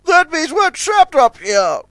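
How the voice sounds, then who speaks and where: A man plays a pompous, posh tugboat who talks in high, plummy exclamations. He is fussy and self-important, and the reading is recorded dry and close. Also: very animated, takes it slowly, pushed and bright, no room sound, exaggerated voice. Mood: alarmed.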